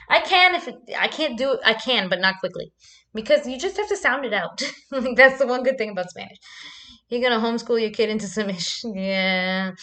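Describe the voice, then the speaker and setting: A woman's voice: mid-range voice, a bit bright. A young woman vlogger chatting loosely on a livestream, swearing freely and laughing often. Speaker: vlogger hosting a live chat. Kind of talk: casual livestream chat.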